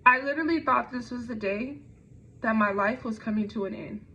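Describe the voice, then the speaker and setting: A woman's voice: fairly high pitch, brisk, sharp tone, slight background noise. A young woman telling a personal story in a conversational way, with frequent fillers and restarts. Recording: dull lo-fi recording.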